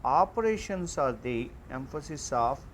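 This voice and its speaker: A man giving an online class lecture, reading out slide points in a slow, halting way with frequent fillers. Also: mid-range voice, lively intonation, a little hiss or hum.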